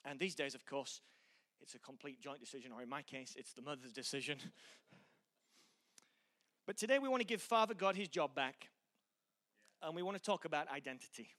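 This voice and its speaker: A middle-aged pastor with a blend of Yorkshire and American accents preaches a sermon full of self-deprecating humor and earnest encouragement. His voice is fairly high and bright, a little fast, with frequent pauses.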